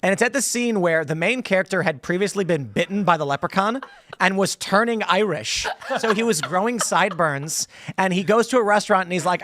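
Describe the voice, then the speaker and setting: A man hosting a casual studio panel, his voice sitting a little high as he jokes and tells stories with energy. The sound is close and dry, with no room around it. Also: no echo. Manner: animated storyteller, quick and jokey. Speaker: show host. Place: podcast studio.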